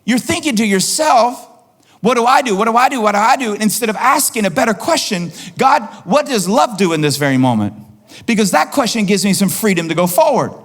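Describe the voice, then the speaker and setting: A male pastor with a high-sitting voice preaches an animated sermon, acting out quoted voices and repeating lines for emphasis.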